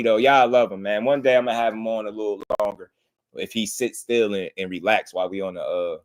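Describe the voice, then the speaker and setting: A man, hosting a casual boxing livestream and chatting loosely with his viewers. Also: on the low side. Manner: loose and talkative, slangy.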